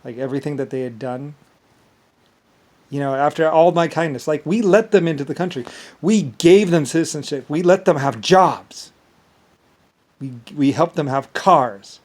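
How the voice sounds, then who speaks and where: A man's voice: a little high, darkish tone. A man talking alone in a rambling monologue, stumbling and repeating words as he goes. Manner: halting, repeats words, trails off. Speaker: vlogger.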